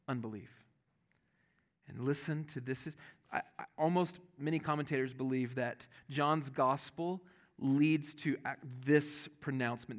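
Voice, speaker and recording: A man preaching a sermon, animated and earnest, dropping to soft hushed tones when quoting scripture. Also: mid-range voice. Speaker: pastor.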